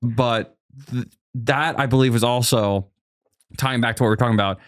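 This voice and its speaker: A man chatting as a podcast guest in a studio, animated and telling stories. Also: medium pitch, moderate pace, dry recording. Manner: animated storyteller, acts out quotes. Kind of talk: casual chat. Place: recording studio.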